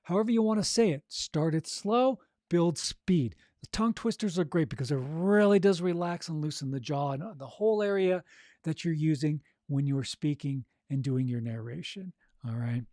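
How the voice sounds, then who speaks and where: A man's voice: a little high, moderate pace, a little mellow, no room sound, studio quality. A man coaching audiobook narration on a podcast, encouraging and keeps checking in with "right?" and "okay?". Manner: encouraging, repeats "right?" and "okay?", demonstrates vocal exercises.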